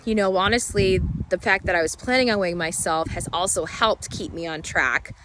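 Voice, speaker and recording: A woman with a hoarse, froggy voice from a cold, talking through her thoughts in a rambling, halting, candid way. She records an unedited personal vlog outdoors. Street and traffic noise comes through clearly behind her. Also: lowish voice, bright, forceful tone, low-quality recording. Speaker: vlogger.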